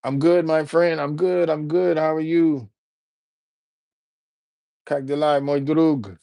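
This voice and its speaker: A man from Alabama, chatting casually on a livestream and shouting out viewers by name. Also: fairly high pitch, fairly even intonation, slow, vocal fry, clear, resonant tone, no echo. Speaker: livestreamer and rapper. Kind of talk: casual live-stream chat.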